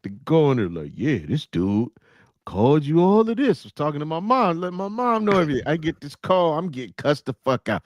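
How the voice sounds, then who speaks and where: Brief: man, forties, podcast co-host, profane animated storyteller, fairly high voice. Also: fairly quick, no echo, studio quality. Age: 40s. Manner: animated storyteller, acts out quotes. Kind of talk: casual profane banter.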